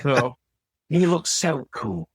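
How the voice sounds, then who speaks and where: A man's voice: medium pitch, sing-song, slow, slightly rough, no echo. A man, a podcast guest telling rambling anecdotes with frequent stammered restarts. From England. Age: 60s. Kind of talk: casual storytelling chat.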